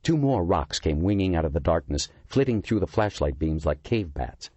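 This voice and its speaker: A man's voice: low-pitched, lively intonation, moderate pace, a little mellow, slightly rough, no echo. A man reading an audiobook as its narrator, telling the story dramatically.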